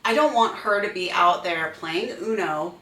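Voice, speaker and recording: Bright-voiced mom, animated, echoey room. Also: female voice, lowish voice, normal speed, recorded from a distance. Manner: animated storyteller, acts out quoted voices. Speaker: podcast co-host. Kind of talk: casual chat.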